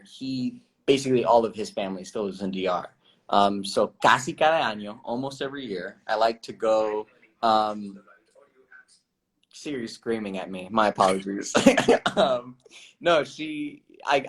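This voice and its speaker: A man's voice: lowish voice, moderate pace. Young man, casual, laughs a lot. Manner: relaxed, laughs often, many fillers and restarts. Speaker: actor guest. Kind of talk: casual livestream interview.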